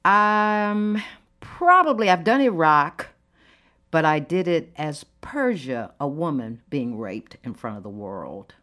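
A woman poet being interviewed and reading her own work, unhurried and quick to laugh. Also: deep voice, lively intonation, fairly bright tone. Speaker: guest poet. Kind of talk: interview conversation and poetry reading.

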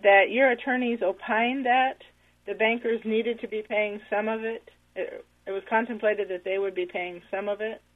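A woman's voice: medium pitch, steady tone, normal speed. A woman asking pointed, persistent questions on a call. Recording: tinny phone line.

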